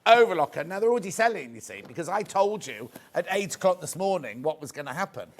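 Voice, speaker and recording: A man hosts a live shopping show, rambling and chatty as he pokes fun at himself. His voice sits fairly high for a man. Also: sing-song, fast. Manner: chatty, rambling, self-mocking. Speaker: shopping channel presenter. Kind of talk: live home shopping sales chat.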